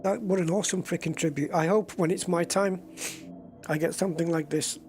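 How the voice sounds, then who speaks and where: A man's voice: on the high side, fairly even intonation, brisk, darkish tone, faint music behind. A man streaming a space game, chatting in a rambling, casual way and getting easily moved. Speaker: gaming streamer. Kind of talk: casual gameplay commentary.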